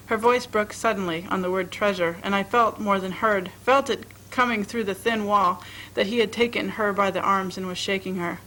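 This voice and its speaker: A woman reading a short story aloud as narrator, in a measured, expressive way. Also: mid-range voice, poor audio. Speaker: reader at a library reading.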